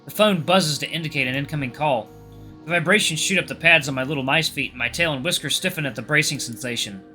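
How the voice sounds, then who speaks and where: A young man reading a visual novel aloud with casual asides, expressive and lively. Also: on the high side, fast, faint music behind. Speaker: gaming YouTuber.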